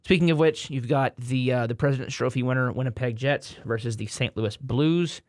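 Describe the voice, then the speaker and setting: A man's voice: mid-range voice, fairly quick, a little mellow, no echo, studio quality. A man hosting a casual sports podcast, rambling through playoff picks with frequent restarts and repeated words. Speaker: podcast host.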